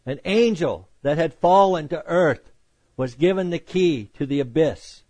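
A man's voice: on the high side, expressive, measured pace, darkish tone, no echo. A man teaching verse by verse through the Bible, reading scripture aloud and then explaining it in a conversational way with joking asides.

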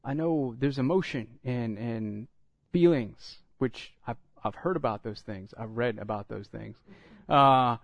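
A middle-aged man preaching a sermon, telling stories and acting out the dialogue, getting louder and higher when excited. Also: unhurried, no room sound. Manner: animated storytelling, acts out dialogue, rises when excited. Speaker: pastor.

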